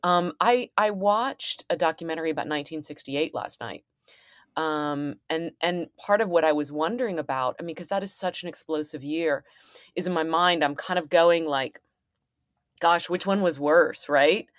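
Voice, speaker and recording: Female podcast host, very low pitch, lively banter, dry close mic. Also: no room sound. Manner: chatty, quick to tease and laugh. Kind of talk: casual chat.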